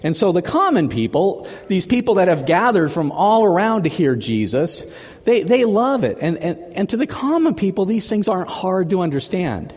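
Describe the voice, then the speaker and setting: A male pastor delivers a chatty sermon, repeating words as he goes. His voice is a little high and swoops up and down with lots of animation. The sound carries a long echo from a big hall. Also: big pitch swings, normal speed, a little mellow, breathy edge.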